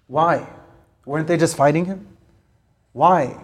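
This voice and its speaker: A man's voice: a little high, moderate pace, darkish tone. A man giving an earnest sermon, repeating phrases for emphasis and reciting scripture in Arabic. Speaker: Islamic preacher.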